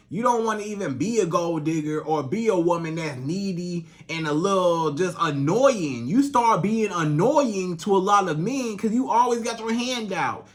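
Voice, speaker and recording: High-voiced man giving blunt advice. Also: a bit bright. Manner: repetitive, emphatic preaching with quoted back-and-forth. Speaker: dating coach. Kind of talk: direct-to-camera relationship advice.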